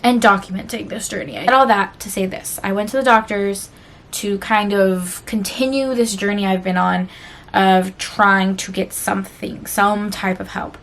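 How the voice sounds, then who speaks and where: A woman's voice: mid-range voice, fairly even intonation, moderate pace, gravelly, fairly bright tone. A woman vlogger talking candidly and emotionally to her viewers in a rambling, confessional chat full of fillers. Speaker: book vlogger.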